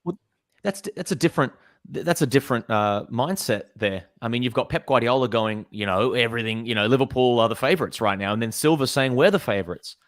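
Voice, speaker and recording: A man co-hosting a football podcast, chatting casually and acting out quotes with animated storytelling. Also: mid-range voice, fast, dry recording, studio quality. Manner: animated storytelling, acts out quotes, laughs mid-sentence. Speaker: podcast co-host.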